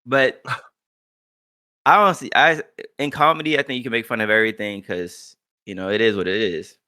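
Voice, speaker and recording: Young male podcast co-host, bright tone, casual profane banter. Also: mid-range voice, moderate pace, smooth. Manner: loose, profane, joking banter. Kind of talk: casual chat.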